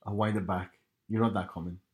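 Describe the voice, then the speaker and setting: A man with a soft rural Northern Irish accent, trading dry, blunt banter in a casual chat as a podcast co-host. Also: on the low side, fairly even intonation, fast.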